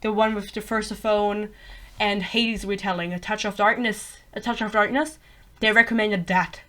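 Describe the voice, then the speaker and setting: A woman's voice: medium pitch, fairly even intonation, moderate pace, a bit bright. A bilingual woman ranting about a book in a casual vlog, blunt and sarcastic, swearing freely and wandering off into tangents. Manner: rambling, self-interrupting tangents. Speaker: book reviewer.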